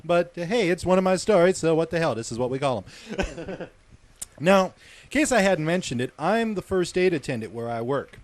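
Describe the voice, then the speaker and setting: A man's voice: a little high, expressive, normal speed. A middle-aged man telling a gross work story on a radio talk show, chatty and laughing, swearing freely. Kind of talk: casual storytelling banter.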